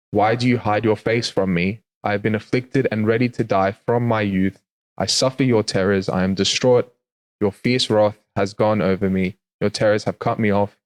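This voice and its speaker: A man's voice: fairly low pitch, darkish tone. A man hosting a faith podcast, chatting hesitantly with many "um"s and reading scripture aloud. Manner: hesitant, lots of "um"s, laughs easily. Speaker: podcast host.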